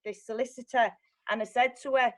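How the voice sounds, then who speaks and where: A young woman talks in a blunt, animated way, swearing freely as she recounts events. Her voice sits a little higher than most. It is candid personal storytelling, not a performance. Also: a little fast, low-quality recording. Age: young adult. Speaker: guest.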